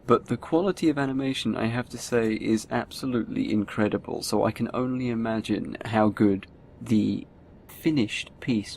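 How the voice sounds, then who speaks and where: A man with a low, gravelly voice chats casually as co-host of an online animation show. He sounds relaxed and talks at length, reading out titles and giving his opinions. A faint hiss of background noise sits under the recording. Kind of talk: casual chat.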